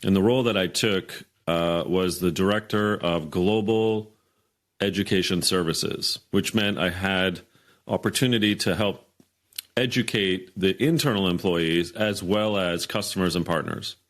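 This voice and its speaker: Man in his fifties, low voice, podcast guest, animated storytelling, acts out dialogue. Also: unhurried. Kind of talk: storytelling in an interview.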